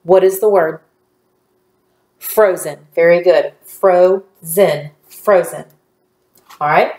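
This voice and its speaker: A woman teaching a phonics lesson to young children, patient and encouraging, drawing out each word slowly. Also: lowish voice, darkish tone, reverberant.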